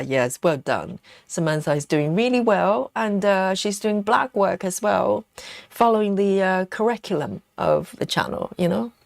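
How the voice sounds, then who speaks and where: A woman's voice: mid-range voice, vocal fry, no room sound, clean studio sound. A woman hosting a casual live stream, chatting and giggling as she reads viewer comments aloud. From United Kingdom.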